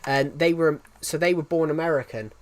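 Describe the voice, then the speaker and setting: Junger Brite mit dickem Akzent. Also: male voice, on the high side, normal speed. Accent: thick regional British. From United Kingdom. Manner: rambling, repeats himself, restarts sentences. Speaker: game streamer. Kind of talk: casual livestream chat.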